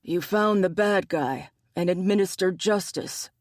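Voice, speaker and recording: A man's voice: high voice, unhurried, no room sound. Narrator voicing a wry, teasing male bear-shifter hunter. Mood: insistent. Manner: dry, skeptical, needling.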